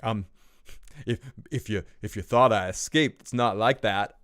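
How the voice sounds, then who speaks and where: A man's voice: lowish voice, a little slow, fairly bright tone, clear, resonant tone, dry recording, clean studio sound, pitched below the performer's own voice. Negan, a man doing a smug villain. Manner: smirking, mock-apologetic. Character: smug sly male villain, grown man.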